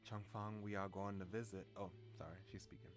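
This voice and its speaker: A man's voice: fairly low pitch, level tone, brisk, soft background music. A man streaming a story game, reading its lines aloud and often restarting and correcting himself.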